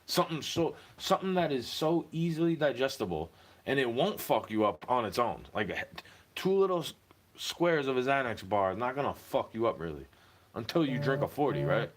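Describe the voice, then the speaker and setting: A man's voice: mid-range voice, big pitch swings, fairly quick. A young man ranting to camera in a heated, profane monologue, slipping into mocking put-on voices.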